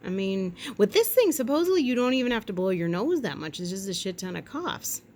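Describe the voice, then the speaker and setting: A woman chatting at home in a rambling, jokey way, with quick asides and silly voices. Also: medium pitch, sing-song, darkish tone, slight background noise. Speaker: vlogger. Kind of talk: casual chat.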